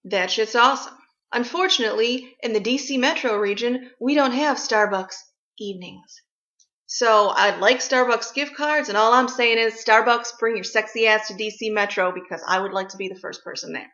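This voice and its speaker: Woman ranting w/ lots of swearing, bright kinda high voice, echoey dull room sound. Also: moderate pace. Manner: blunt, sarcastic, profane. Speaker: vlogger ranting about gifts. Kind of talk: comic rant.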